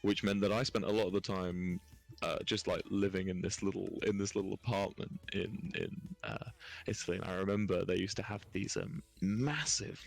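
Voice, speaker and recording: A man's voice: deep voice, steady tone, moderate pace, vocal fry. A young English man in his twenties, telling rambling stories in casual chat, swearing and laughing often. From England. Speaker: streamer.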